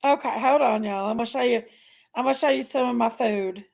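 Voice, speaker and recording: A woman hosting a casual live chat, loud and laughing often, her voice hoarse from allergies. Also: fairly high pitch, fairly quick. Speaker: livestream host.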